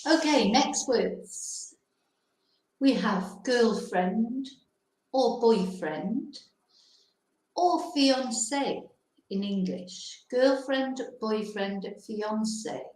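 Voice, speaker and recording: A woman hosting a casual bilingual chat, teaching words slowly and switching between English and Spanish. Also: on the high side, darkish tone. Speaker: host. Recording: very echoey room.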